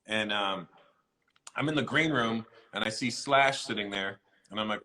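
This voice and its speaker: A middle-aged man, a comedian being interviewed, chatting casually and telling animated stories with acted-out voices. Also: lowish voice, normal speed, rough recording. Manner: animated storyteller, acts out quoted voices.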